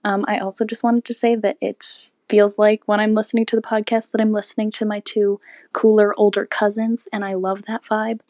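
A woman's voice: mid-range voice, level tone, a little fast, a little mellow, dry recording, studio quality. A seventeen-year-old girl from Canada leaving an earnest, gushing voicemail for a podcast. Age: teens. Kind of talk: voicemail message.

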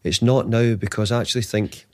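A man in his fifties with a very low voice, recalling his career as a football manager in a halting, repetitive way. The recording is dry and close, with almost no room sound. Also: fairly even intonation, dry recording. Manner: halting, often repeats words and restarts. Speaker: football manager, interview guest. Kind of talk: conversational storytelling.

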